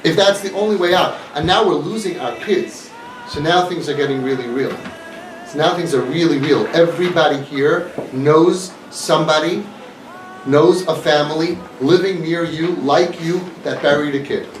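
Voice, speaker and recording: A man's voice: on the high side, normal speed, over music. A man giving an earnest, emphatic talk to an audience, repeating his points, recorded from a distance. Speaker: inspirational speaker. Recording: echoey room, mic far off, faint noise.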